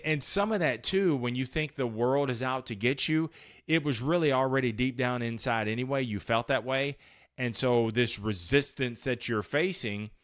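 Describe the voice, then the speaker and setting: A man's voice: mid-range voice, no echo, clean studio sound. A man hosting a motivational podcast, talking casually and with emphasis, using slang and acting out the voices in his head. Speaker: podcast host.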